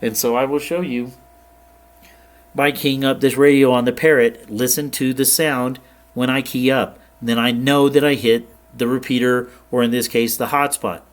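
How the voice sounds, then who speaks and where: A man at mid pitch talks a viewer through software settings in an easygoing tutorial. He explains in a plain, relaxed way and stops now and then to check that the viewer is following. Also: normal speed. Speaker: ham radio tutorial host. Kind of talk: casual screen-share tutorial.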